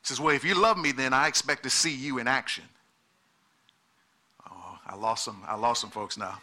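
A man's voice: medium pitch, normal speed, bright, forceful tone. A middle-aged man preaching a sermon, emphatic and repeating his words as he calls out to the congregation. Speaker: pastor.

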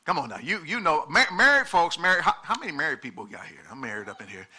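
Bright, emphatic male preacher. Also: fairly high pitch, big pitch swings, quick pace. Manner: emphatic preaching with repeated words and calls to the congregation. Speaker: pastor. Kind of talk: sermon.

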